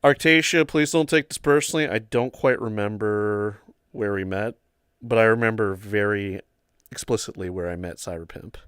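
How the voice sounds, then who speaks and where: A man's voice: fairly low pitch, normal speed, a bit bright, smooth, dry recording, studio quality. A young man hosting a livestream chat, telling long rambling stories full of "like" and "um". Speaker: livestream host. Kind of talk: casual storytelling chat.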